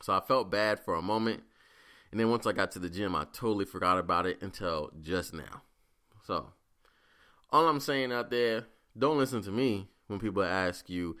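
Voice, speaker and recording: A man's voice: deep voice, normal speed, pushed and bright. A man hosting a solo podcast, telling a rambling, profane story in a casual way. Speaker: podcast host.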